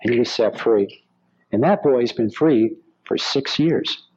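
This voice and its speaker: Husky, medium-pitched, and unhurried, a man delivers a storytelling sermon, animatedly performing the voices of the people he quotes. The recording is lo-fi and a bit dull.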